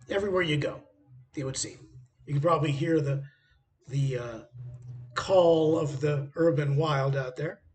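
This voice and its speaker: A man's voice: a little high, a little hiss or hum. A man vlogging casually from a hotel room by a busy street, rambling through travel anecdotes with frequent hesitations.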